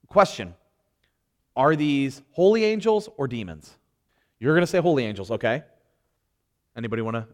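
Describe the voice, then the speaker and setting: Man, middle-aged, Bible study leader, conversational, expressive rising and falling voice, self-correcting. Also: fairly high pitch. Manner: animated, self-interrupting, laughs often, engages group. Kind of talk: casual Bible study teaching.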